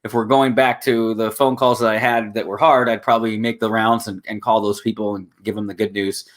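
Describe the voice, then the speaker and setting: A young man talking as a guest in an emotional, casual conversation, earnest and halting, with many restarts. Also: on the low side, flat delivery.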